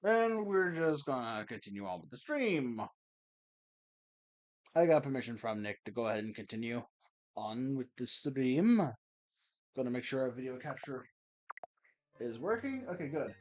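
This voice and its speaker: A man streaming a video game, chatting casually and self-mockingly in quiet asides. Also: medium pitch, lively intonation, normal speed, long pauses. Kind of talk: casual let's-play commentary.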